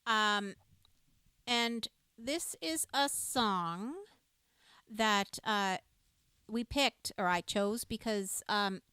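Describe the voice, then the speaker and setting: A woman's voice: mid-range voice, extremely slow, pauses often, pushed and bright, smooth, no room sound, studio quality. A woman co-hosting a live music show, chatting with viewers and telling enthusiastic, laughing stories. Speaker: livestream music show co-host. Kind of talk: casual chat with live viewers.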